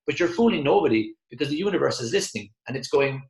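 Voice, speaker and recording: Guy doing a pumped-up motivational sales talk, gravelly voice, echoey room. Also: a little high, animated, fast, few pauses. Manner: emphatic, repetitive, acts out quoted voices. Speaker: motivational speaker.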